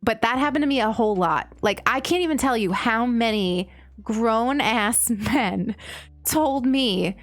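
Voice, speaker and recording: A young woman with an American accent chats away as she streams, her fairly high voice leaping up and down as she giggles through stories. The sound is close and dry, with faint game music in the background. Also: a little slow, no room sound. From United States. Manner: chatty, giggly, animated storytelling. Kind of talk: casual chat while gaming, reading chat.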